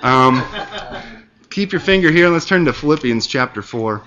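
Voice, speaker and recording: A man's voice: mid-range voice, expressive, normal speed, highs cut off, crowd noise. A man preaching a sermon, explaining scripture and reading verses aloud with earnest emphasis.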